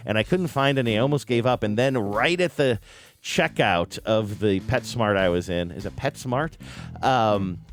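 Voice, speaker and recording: A man's voice: lowish voice, moderate pace, slight background noise. A middle-aged man hosting a podcast, telling a story in a casual, self-deprecating way and raising his voice when he quotes people. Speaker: podcast host.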